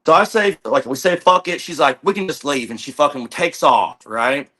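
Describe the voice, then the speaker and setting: A man's voice: fairly high pitch, moderate pace, sharp tone, slightly rough. A young man, a podcast guest, telling a long story in casual chat, swearing often and acting out the quoted dialogue. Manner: rambling, profane, retells with quoted dialogue.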